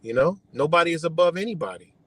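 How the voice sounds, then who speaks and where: A man's voice: fairly high pitch, lively intonation, fast, fairly bright tone, slightly rough, dry recording, poor audio. A man ranting on a live stream in a heated, profane way, repeating his points and tagging them with "you know". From United States. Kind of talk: casual rant on a live stream.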